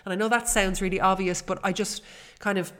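A woman's voice: mid-range voice, steady tone, brisk. Earnest woman hosting a podcast. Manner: warm, earnest and chatty, with fillers. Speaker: podcast host. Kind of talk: personal podcast monologue.

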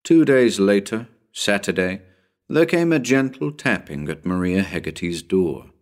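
A man's voice: sits low, animated, unhurried. A man narrating a spooky story as an audiobook, building suspense in a dramatic storytelling manner.

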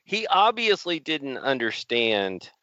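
A man co-hosting a casual chat, dry and sarcastic, with halting restarts. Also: mid-range voice, very animated, sharp tone, no room sound. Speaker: podcast co-host. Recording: slightly dull, lo-fi sound.

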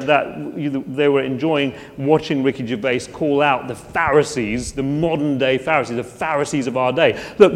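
A man preaching a sermon in a conversational way, with rhetorical questions and frequent restarts. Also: medium pitch. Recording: long hall reverb.

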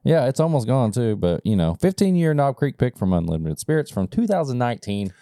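A man's voice: medium pitch, sing-song, a little fast, warm tone, smooth, no room sound, clean studio sound. A man co-hosting a casual podcast, bantering playfully with jokes. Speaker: podcast co-host. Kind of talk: casual chat.

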